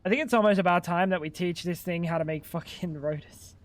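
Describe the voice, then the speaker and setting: A man's voice: sits high, brisk, no echo. A young man live-streaming a game, chatting casually and bantering with chat while swearing freely.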